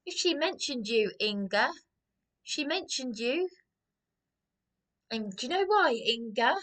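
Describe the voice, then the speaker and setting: A woman's voice: high-pitched, lively intonation, takes it slowly, a bit bright. A woman posting an angry, stumbling rant on her own channel, repeating herself as she accuses people directly. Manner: accusatory, repetitive, stumbling over words. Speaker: YouTuber.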